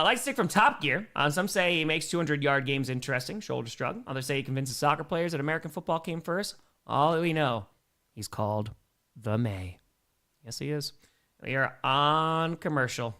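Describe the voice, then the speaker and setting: A man's voice: fairly high pitch, brisk, sharp tone, clear, resonant tone. A man giving casual play-by-play on a live stream, chatting with viewers and answering their donation messages between plays. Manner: plays called in a plain announcer tone.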